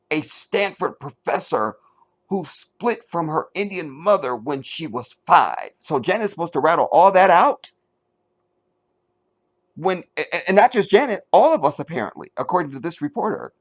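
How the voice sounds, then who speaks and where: Sarcastic, animated man ranting. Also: medium pitch. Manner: mocking, animated, swings from loud to muttered. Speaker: commentary channel host. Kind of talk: sarcastic commentary reading an article.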